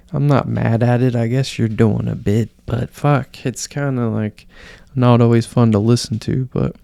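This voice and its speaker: A man's voice: mid-range voice, steady tone, normal speed, gravelly, dark tone, dry recording. A man hosting a casual solo podcast, rambling and swearing in an offhand way. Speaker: podcast host.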